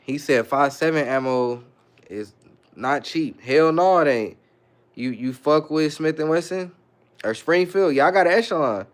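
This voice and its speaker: A man from the Bay Area hosting a livestream, reading viewer comments aloud in a loose, slangy, muttering way. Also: mid-range voice. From San Francisco Bay Area. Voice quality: laid-back, slangy, mutters asides. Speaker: livestream host.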